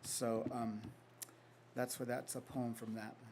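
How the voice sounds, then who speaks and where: A middle-aged man giving a poetry reading of his own work. He reads in a measured, reflective way and adds soft, halting asides between poems. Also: medium pitch, little pitch movement, a little hiss or hum. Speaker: poet giving a faculty reading. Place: indoor reading event.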